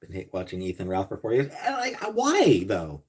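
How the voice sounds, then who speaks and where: A man hosting a casual livestream, reading viewer comments and answering bluntly and profanely, with sarcastic jokes, sometimes muttering low and sometimes ranting loudly. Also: huge pitch swings, moderate pace, slightly rough. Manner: blunt and profane, swinging between mutters and loud rants. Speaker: livestream host.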